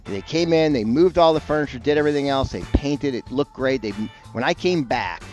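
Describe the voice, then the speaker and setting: A man's voice: medium pitch, lively intonation, fairly quick, a little mellow, soft background music. A man co-hosting a radio show, chatting casually in a wry, conversational way. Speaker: radio co-host.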